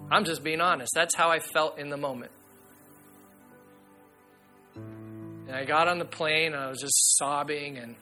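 A man preaching a sermon as pastor, earnest and emphatic, sometimes dropping to a hushed voice. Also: fairly high pitch, steady tone, normal speed, long pauses, soft background music.

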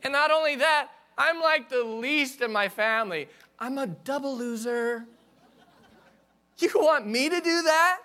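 A nervous, self-doubting biblical man , as a preacher puts him on, stammers and protests in a high, strained voice. His pitch climbs steeply and his delivery sounds bright and tense. He comes across as flustered and pleading. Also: unhurried, full character voice.

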